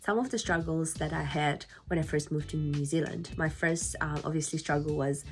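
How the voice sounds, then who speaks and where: Animated Indian English woman vlogger. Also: deep voice, moderate pace, faint music behind. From Nagaland, India. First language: Lotha. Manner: animated, jokey, mimics voices and accents. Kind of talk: casual chat to camera.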